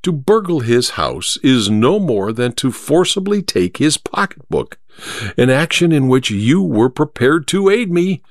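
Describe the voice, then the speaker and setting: A man's voice: mid-range voice, very animated, no room sound, clean studio sound. Holmes: a wry, resolute detective, read by a man. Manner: crisp, amused, measured. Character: cool, confident male detective, wry and resolute. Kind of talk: audiobook reading.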